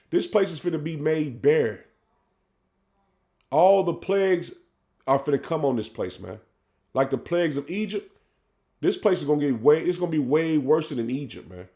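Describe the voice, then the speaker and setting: A man preaching, tagging "man" onto his lines and reading scripture slowly and loudly. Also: fairly high pitch. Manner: fervent, says "man" after nearly every line; reads verses slowly and loudly. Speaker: street preacher.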